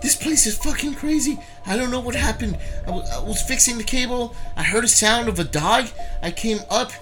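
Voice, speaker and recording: A man's voice: very high voice, animated, brisk, over music, pitched above the performer's own voice. A man voicing a panicked cable repairman who curses and pleads to get out. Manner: frantic, cursing, breathless panic. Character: panicked young male cable repairman, frantic.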